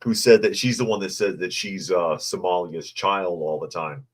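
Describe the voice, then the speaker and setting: A man's voice: low-pitched, steady tone, moderate pace. Casual news-commentary host, man, sarcastic and mocking asides. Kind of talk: casual news commentary, reading articles and chat.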